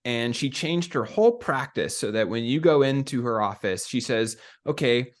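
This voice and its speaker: Earnest male podcast co-host, steady and coaching in manner. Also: mid-range voice, normal speed. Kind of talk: reflective conversational talk.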